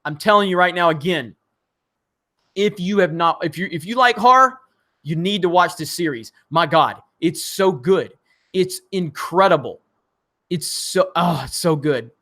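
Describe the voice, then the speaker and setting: Chatty livestream host from Alabama. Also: male voice, a little high, normal speed, a bit bright. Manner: chatty and enthusiastic, many fillers. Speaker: livestream host reading viewer chats. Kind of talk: casual live-stream chat.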